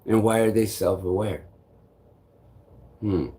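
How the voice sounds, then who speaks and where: A man's voice: fairly low pitch, takes it slowly, warm tone. A man telling a story in a casual vlog, rambling along with repeated "I'm like" asides, frequent swearing and chuckles. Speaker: vlogger.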